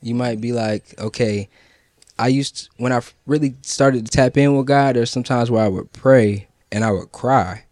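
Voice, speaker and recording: Male co-host, casual and slangy, mid pitch, dry close-miked sound. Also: moderate pace, no echo. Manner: relaxed, slangy, conversational. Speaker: podcast co-host. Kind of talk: casual chat about prayer.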